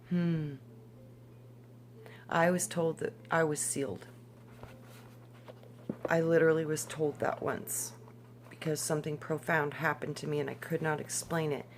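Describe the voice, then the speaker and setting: A woman reading scripture and telling personal stories casually, often saying "literally" and "like" and reading haltingly as she goes. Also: low-pitched, a little hiss or hum.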